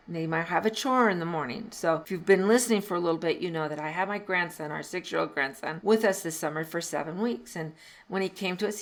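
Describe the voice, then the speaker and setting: A middle-aged woman and former teacher hosting a parenting podcast, telling family stories in a chatty way and laughing often. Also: fairly low pitch. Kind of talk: casual podcast monologue.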